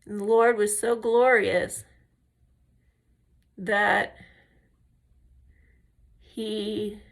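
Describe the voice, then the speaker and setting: With a medium-pitched voice that barely moves, she draws out her words with noticeable vocal fry. She's a makeup and faith vlogger, casually narrating her makeup steps and wandering off into stories along the way.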